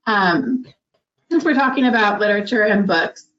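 A woman's voice: mid-range voice, lively intonation, moderate pace, a bit bright. Woman panel moderator, friendly and inviting, dull-sounding recording. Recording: dull lo-fi audio.

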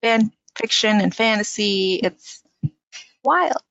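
A woman talking quickly and animatedly as a panelist in a discussion. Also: medium pitch, creaky, a bit bright, no room sound. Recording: dull lo-fi audio.

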